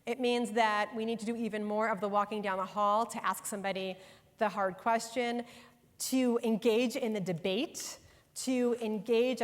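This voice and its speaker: A middle-aged woman from New York gives a conversational, emphatic workshop talk to professionals in a conference room. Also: fairly high pitch. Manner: conversational and emphatic, speaking directly to the audience. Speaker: workshop presenter and author. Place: conference room before a live audience. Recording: long hall reverb in a large room.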